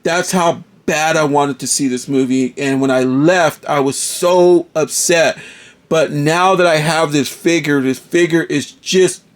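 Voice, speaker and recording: A man's voice: on the high side, a little slow, no echo. A man casually reviewing a toy figure, enthusiastic and often calling viewers folks.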